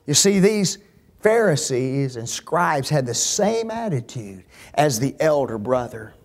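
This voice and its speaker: A man preaching a sermon, dropping to near whispers and rising to shouts, asking the congregation rhetorical questions. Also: mid-range voice, very animated, measured pace. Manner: emphatic, swings from hushed to shouting, rhetorical questions.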